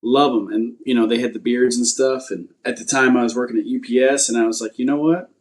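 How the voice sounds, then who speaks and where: A man being interviewed as a podcast guest, laid-back and self-deprecating, pausing often with fillers. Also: mid-range voice, little pitch movement. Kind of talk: casual interview chat.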